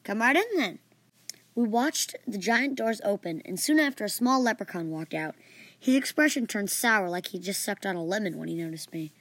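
A woman's voice: medium pitch, moderate pace, no echo. Playful woman telling a podcast story. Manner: lively, playful, doing character voices. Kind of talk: story narration.

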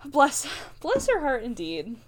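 A woman's voice: sits high, huge pitch swings, takes it slowly, background noise. A young woman co-hosting a podcast, chatting casually with rambling, giggly asides. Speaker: podcast co-host. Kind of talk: casual chat.

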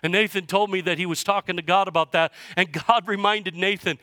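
A man preaching a sermon as pastor to his church, passionate and swinging from hushed to loud. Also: high voice, steady tone, brisk, few pauses. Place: church sanctuary.

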